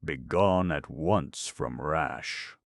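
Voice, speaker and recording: A man's voice: rumbling low, expressive, moderate pace, gravelly, dry recording, clean studio sound, heavily acted. A man voicing a stern chief scribe who speaks shrilly and harshly.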